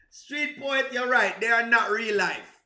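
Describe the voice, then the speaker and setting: A man's voice: very high-pitched, sharp tone, reverberant. A man with a Jamaican accent chatting casually on a livestream, answering viewers, laughing often and exclaiming to himself. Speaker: livestream host.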